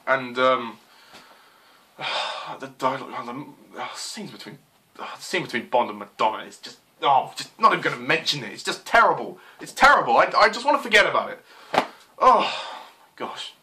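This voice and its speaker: A man's voice: medium pitch, expressive, brisk, pushed and bright, slight background noise. A man giving an exasperated, swearing rant as a film reviewer, full of fillers like "you know" and "I mean.".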